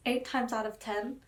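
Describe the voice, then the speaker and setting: A woman's voice: fairly high pitch, fairly bright tone. A young woman vlogging about her reading, talking casually and emotionally, exclaiming and gushing, a bit teary. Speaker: book vlogger. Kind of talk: casual reading vlog chat.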